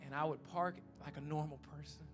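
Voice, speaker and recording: A man's voice: a little high, steady tone, brisk, over music. A man preaching a sermon in a church, telling a humorous story and then making an earnest, repetitive appeal. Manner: repetitive and emphatic. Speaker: pastor.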